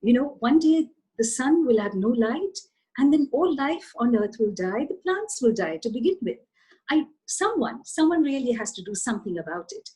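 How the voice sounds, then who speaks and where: A woman's voice: a little high, big pitch swings, normal speed, warm tone. A woman voicing a scheming, bossy female storm cloud who mocks and commands.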